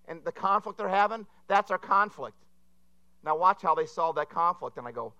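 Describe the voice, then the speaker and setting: Bright, forceful male preacher. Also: high-pitched, normal speed, smooth, no room sound, highs cut off. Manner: animated and conversational, with frequent asides to the audience. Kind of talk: sermon.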